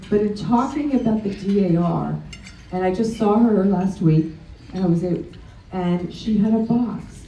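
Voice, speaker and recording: Middle-aged woman talking family history at a meeting, mellow voice, lots of ums, dishes clinking faintly behind. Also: medium pitch, a little hiss or hum. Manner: hesitant, with frequent ums and restarts. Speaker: chapter member presenting. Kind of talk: personal presentation at a meeting. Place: meeting room during a luncheon. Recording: roomy sound from a distant mic.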